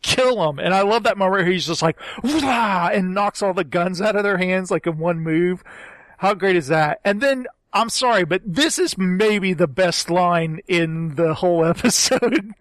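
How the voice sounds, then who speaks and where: A man with a fairly high voice gushes in casual podcast chat. He talks with excitement and keeps acting out scenes. The sound is dry and close. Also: moderate pace, dry recording. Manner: enthusiastic, gushing, quotes scenes in acted voices. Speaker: podcast co-host.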